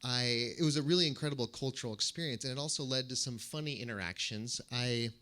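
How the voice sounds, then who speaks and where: A man, a pastor, giving a sermon with animated storytelling and gentle humor. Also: medium pitch, fast talker. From United States.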